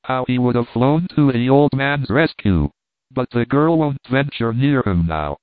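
A man's voice: medium pitch, animated, unhurried, dry recording, lightly acted. A man reading a sly, gloating old miser. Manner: muttering, gloating. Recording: thin phone-like dry sound.

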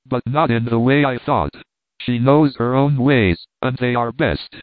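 A man's voice: medium pitch, measured pace, no room sound, natural voice. A man reading a devout young girl. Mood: faithful. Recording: thin phone-like dry sound.

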